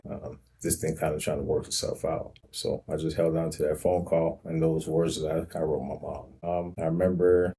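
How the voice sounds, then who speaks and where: A man hosting his own show, slowly and reflectively recounting his life story with frequent pauses and ums. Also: rumbling low, little pitch movement, mellow, slightly rough. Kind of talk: personal storytelling monologue.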